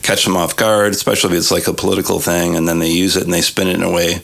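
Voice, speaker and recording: A man's voice: low voice, flat delivery, very fast, vocal fry, fairly bright tone. A man hosting a podcast interview, asking questions and often chiming in with short agreements. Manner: affirming, frequent short agreements. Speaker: podcast host. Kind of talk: casual interview chat.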